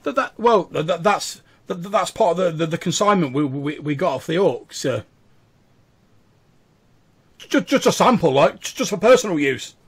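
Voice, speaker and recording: A man doing a terrified young smuggler in a tabletop game, stammering over every word as he begs for his life. The voice sits raised and loud, with a gravelly edge and a husky, rough tone. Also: a little high, steady tone, voice pushed up. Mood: pleading. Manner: stammering, pleading, rushed. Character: nervous stammering male human drug runner.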